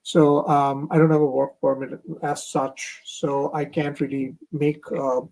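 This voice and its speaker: A man's voice: a little high, little pitch movement, measured pace, creaky, a little mellow, low-quality recording. A young man from India, a comic artist, talking casually in an interview with many fillers and restarts over a remote stream call.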